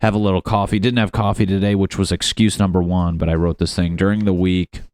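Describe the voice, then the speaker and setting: A man's voice: deep voice, little pitch movement, fast talker, darkish tone, dry recording, clean studio sound. A young man hosting a solo comedy podcast from home, rambling in a profane, self-deprecating way. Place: at home in his apartment.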